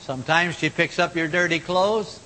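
A man preaching a sermon in a folksy manner, moving between loud exhortation and hushed, low tones. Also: normal speed. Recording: long hall reverb, faint rumble.

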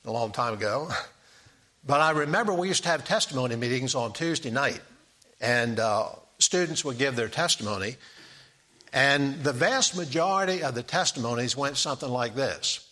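A man's voice: medium pitch, lively intonation, moderate pace, sharp tone. A middle-aged man preaching a sermon in an easygoing, conversational way, reading scripture aloud.

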